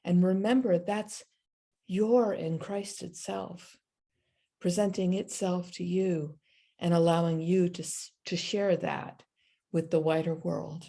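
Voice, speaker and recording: A woman minister giving a sermon, telling a story and then leading a slow, meditative prayer. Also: on the low side, steady tone, vocal fry, warm tone.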